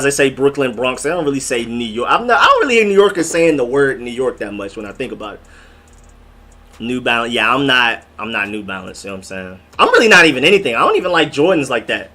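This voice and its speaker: A man's voice: on the high side, bright, forceful tone. A young man from Atlanta hosting a casual live stream, rambling in slang and answering viewers' comments as he reads them. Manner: rambling, slangy, talks straight to the chat.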